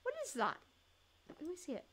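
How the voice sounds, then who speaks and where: A woman's voice: high-pitched, wildly swooping pitch, normal speed, noisy background. A woman giving casual, giggly commentary while playing a life-sim game, talking to the characters on screen. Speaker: gaming video creator.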